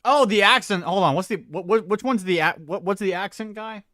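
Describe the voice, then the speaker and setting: A man streaming, reacting casually to a video he is watching, talking in excitable, rambling bursts. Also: sits high, brisk, no echo, studio quality. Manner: excitable, rambling, with many restarts.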